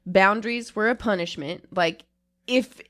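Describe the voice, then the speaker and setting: A woman's voice: mid-range voice, unhurried, fairly bright tone, no room sound. A woman co-hosting a casual podcast chat, talking candidly in a rambling way and often cutting off her own sentences. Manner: rambling, self-interrupting, candid. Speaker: podcast co-host.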